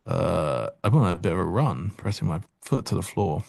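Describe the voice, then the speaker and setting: A man's voice: deep voice, lively intonation, normal speed, creaky, darkish tone, no room sound. A man giving casual live-stream trading commentary, joking wryly and answering chat aloud into a close mic.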